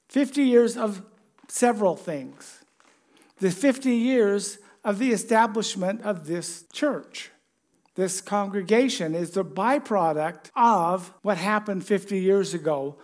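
A pastor preaches in an easy, conversational way, joking along and tossing questions out to the listeners. The voice sits at a middling pitch. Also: darkish tone. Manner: chatty and joking, asks the congregation questions. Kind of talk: conversational sermon.

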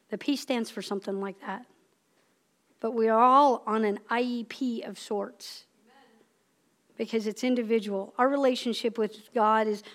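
A woman's voice: fairly high pitch, a bit bright. A woman in her fifties preaching a personal, conversational sermon in a church, building up with emphatic repeated lines. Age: 50s. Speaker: lay preacher. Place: church sanctuary.

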